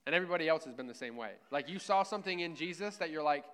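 A man's voice: a little high, expressive, rapid-fire, a bit bright. A man preaching a sermon at church in a casual, conversational way, often checking in with "right?". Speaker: pastor.

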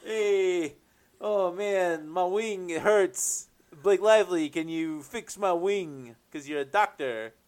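A man voicing an injured male seagull with a Bronx accent, loud and pleading. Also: high voice, slow pace, smooth, voice pushed up.

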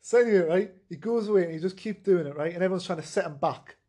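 A man rambling through an improvised comedy pitch, filling pauses with "right?" and "um.". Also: dark tone. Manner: rambling, keeps saying "right?".

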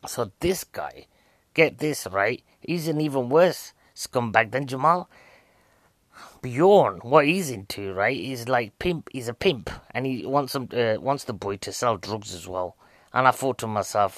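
A man's voice: medium pitch, a little slow, a bit bright, dry recording. A man giving a casual, jokey, rambling film review, a bit out of breath.

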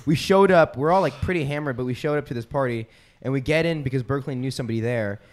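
A man's voice: medium pitch, fast. A young man hosting a casual podcast chat, telling stories in a laid-back way and steering the show. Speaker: podcast host. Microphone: studio podcast mic.

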